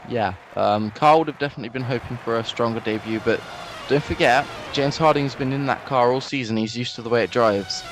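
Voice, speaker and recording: A man's voice: mid-range voice, brisk. Young guy on colour commentary, laid back, some faint noise behind. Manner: relaxed, analytical, dry jokes. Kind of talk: casual race commentary.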